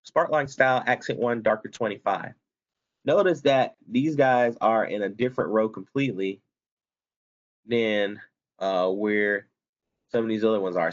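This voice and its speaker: With a fairly low voice and the high frequencies cut off, a man teaches a spreadsheet tutorial recorded from his screen. He guides students step by step in a casual way, self-correcting along the way.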